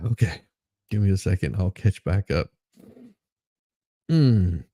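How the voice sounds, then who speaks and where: A man with a gravelly, husky voice hosts a casual morning livestream. He talks slowly, greets chat viewers by name, and laughs often as he goes. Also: deep voice, lively intonation, dark tone, dry recording. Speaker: livestream host.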